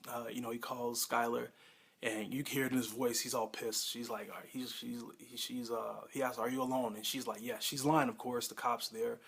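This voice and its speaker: A man casually reviewing a TV episode at home, excitable and rambling, with lots of fillers and self-corrections. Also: mid-range voice, creaky, husky. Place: home room with a pet nearby.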